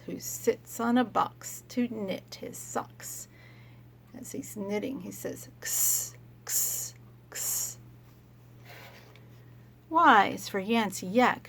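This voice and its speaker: A woman teaching young children letter sounds, speaking gently and sounding out each letter. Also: medium pitch, slow, a little hiss or hum. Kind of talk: children's phonics lesson.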